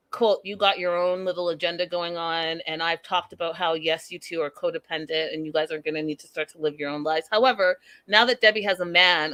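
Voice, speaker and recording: A woman's voice: lowish voice, a bit bright, no echo. A woman hosting a live recap show, talking straight to her viewers in a chatty, amused way.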